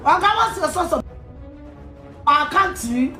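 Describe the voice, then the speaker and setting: A Ghanaian woman in a heated, insulting rant, repeating herself and shouting at times. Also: very high voice, animated, a little slow. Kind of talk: angry rant to camera. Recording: echoey room with faint music.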